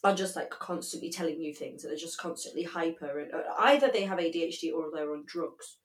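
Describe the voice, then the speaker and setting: A woman co-hosting a podcast in casual chat, candid and quick to laugh. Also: sits low. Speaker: podcast co-host. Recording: roomy echo.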